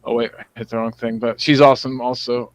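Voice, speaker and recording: A man's voice: mid-range voice, little pitch movement, fast, dry recording. A man hosting a casual live chat, laid-back and joking. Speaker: host.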